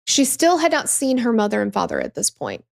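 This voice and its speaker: Woman, true crime podcast host, casual storytelling, emphatic, curses freely, fairly high voice. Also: wildly swooping pitch, brisk, creaky. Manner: conversational, swears freely, emphatic.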